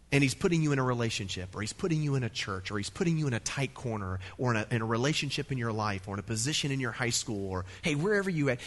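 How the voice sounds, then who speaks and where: A middle-aged man from the United States preaching a sermon, emphatic and animated, with playful asides. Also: medium pitch. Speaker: pastor.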